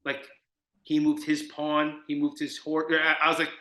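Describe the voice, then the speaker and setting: A man's voice: a little high, normal speed. A man from New Jersey telling stories as a guest in an interview, acting out the people he quotes. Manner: animated, acts out the people in his stories. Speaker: guest, recovery mentor. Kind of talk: storytelling in an interview. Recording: echoey room.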